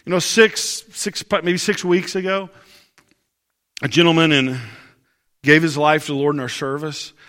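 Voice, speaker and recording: Male pastor, bright high voice, conversational sermon with rhetorical questions, reverberant church hall. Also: flat delivery, measured pace, pauses often. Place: church service.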